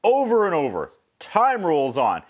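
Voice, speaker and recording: A man from Canada, casually recapping a movie as a reviewer, lively and mimicking sound effects. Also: a little high, a little slow. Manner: animated, mimics whistles and acts out quotes.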